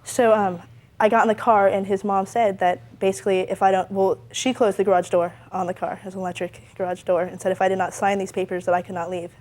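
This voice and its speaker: A woman's voice: medium pitch, little pitch movement, quick pace, darkish tone. A woman giving testimony as a defendant on a TV court show, telling her side defensively with many restarts.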